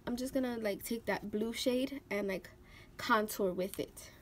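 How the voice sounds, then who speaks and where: A young woman vlogging about her life, telling a personal story in an emotional, animated way, full of "like" fillers and acted-out quotes. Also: fairly high pitch, normal speed.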